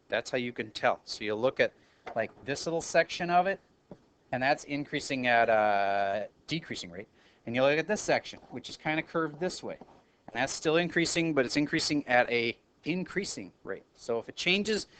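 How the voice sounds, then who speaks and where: A man's voice: medium pitch, expressive, moderate pace, a bit bright, slight background noise. A man teaching a math review lesson in a classroom, talking casually, correcting himself and calling on students. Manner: casual, self-correcting, calls on students by name.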